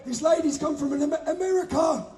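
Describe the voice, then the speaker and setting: A man giving an emphatic, shouted speech from an outdoor rally stage into a microphone. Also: very high-pitched, normal speed, distant mic, a little hiss or hum. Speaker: rally speaker.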